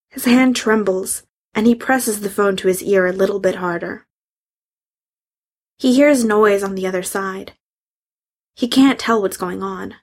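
A woman reading a fan fiction story aloud, in a hushed and emotional storytelling manner. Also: medium pitch. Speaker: reader.

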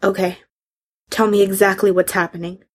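A woman's voice: medium pitch, level tone, moderate pace. Woman reading an emotional story. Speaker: reader. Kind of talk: reading fan fiction aloud.

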